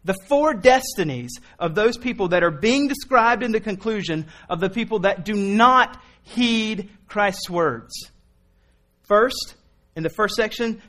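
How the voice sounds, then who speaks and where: A man preaching a sermon in an earnest, pleading way, moving from quiet reasoning to impassioned appeals. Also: high-pitched. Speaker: pastor.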